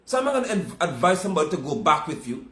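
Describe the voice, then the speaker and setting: A man's voice: a little high, sing-song, rapid-fire, a bit bright, echoey room. A man preaching a sermon, emphatic and scolding, repeating his points.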